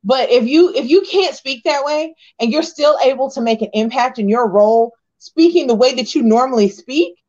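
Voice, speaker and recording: A woman's voice: high voice, normal speed, hardly any pauses. A woman from Texas co-hosting a casual, playful movie review chat. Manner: animated, laughing, playful. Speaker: podcast co-host. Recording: dull lo-fi sound.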